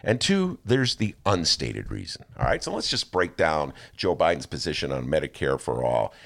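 A man hosting a political talk show, sarcastic and animated, laughing often as he comments. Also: very deep voice, normal speed, creaky.

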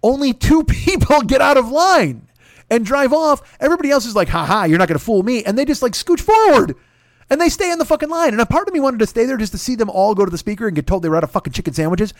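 A man's voice: very high voice, expressive, quick pace, dry recording, clean studio sound. A man hosting a podcast, telling a long story in a casual, profane and exasperated way. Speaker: podcast host.

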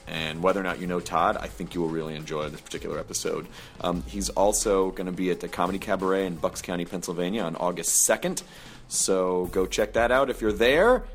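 Low-voiced man introducing a podcast. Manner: relaxed, hesitant with fillers. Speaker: podcast host reading the intro. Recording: faint music under the voice.

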